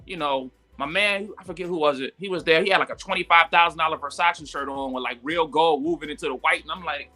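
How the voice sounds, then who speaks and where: A man telling a story in casual live-stream talk, animated and full of "like" and "yo", jumping high when he quotes people. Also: quick pace, few pauses, soft background music. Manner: animated, acts out quotes with sudden high pitch jumps; frequent fillers "like" and "yo". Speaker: guest entrepreneur.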